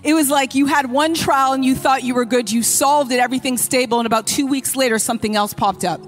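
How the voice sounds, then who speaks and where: Woman pastor preaching in church, high voice, acts out prayers, soft music under it. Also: quick pace. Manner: impassioned preaching, acting out prayers. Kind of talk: sermon.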